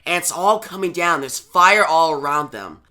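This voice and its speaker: A man's voice: on the high side, animated, moderate pace, bright, forceful tone. A man reviewing a comic book on video, retelling the story casually and talking to viewers. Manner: plain retelling with fillers and asides to viewers.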